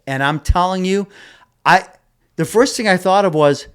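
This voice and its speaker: A man's voice: sits high, normal speed, smooth. A middle-aged man hosting a podcast, telling a dating story in a rambling, casual way, with many restarts and asides. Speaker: podcast host.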